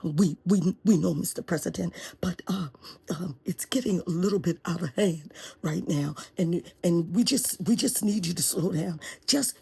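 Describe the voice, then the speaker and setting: A timid male lawyer who stammers, repeats himself and pleads, as a woman acts him out. The voice is low, gravelly and very husky. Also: moderate pace, a little mellow, full character voice. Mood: pleading.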